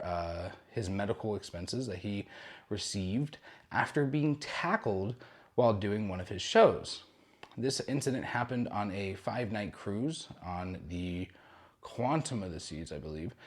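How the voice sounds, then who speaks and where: Low-voiced chatty male vlog host. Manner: chatty, rambling, self-correcting, jokey asides. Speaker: cruise news host. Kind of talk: casual news roundup vlog.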